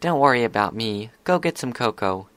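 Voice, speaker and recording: A man's voice: mid-range voice, lively intonation, normal speed, a bit bright, no room sound, close to an everyday voice. A man voicing a grumpy, shivering young pegasus filly who mumbles and grumbles. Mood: grumbling.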